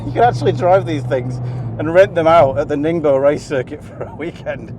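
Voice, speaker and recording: A man presenting a car video, giving excited, chatty commentary from inside a car on a race circuit and often laughing. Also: fairly high pitch, a little fast. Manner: enthusiastic, chatty, breaks into laughter. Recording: loud engine and road noise. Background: car engine and track noise.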